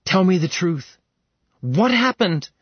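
A woman's voice: fairly low pitch, expressive, normal speed, breathy edge, no echo, dull audio, pitched above the performer's own voice. A man raising his voice into a desperate, fierce young woman. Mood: urgent. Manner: urgent, pleading.

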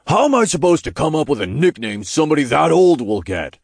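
A man's voice: fairly high pitch, very animated, fairly quick, creaky, darkish tone, husky, dry recording, clean studio sound, pitched above the performer's own voice, full character voice. A man voicing a crude, swearing male imp with a sarcastic manner. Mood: snarky.

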